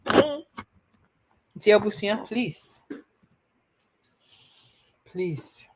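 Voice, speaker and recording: Slowly and with long pauses, a young Ghanaian live-stream host offers earnest, pleading advice to viewers, mixing Twi with English in casual talk. Her voice is lowish with lively intonation, and there is slight background noise.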